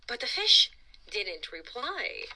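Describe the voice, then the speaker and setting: A woman hosting a children's storytime, reading aloud in an expressive, playful, dramatic way. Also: on the high side, takes it slowly, rough recording. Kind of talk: animated read-aloud storytime.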